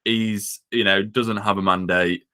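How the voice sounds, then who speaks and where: A man's voice: fairly low pitch, fairly even intonation, unhurried, sharp tone, clear, resonant tone. A man putting on a middle-aged Cockney businessman's voice, mock-outraged and rabble-rousing. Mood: indignant.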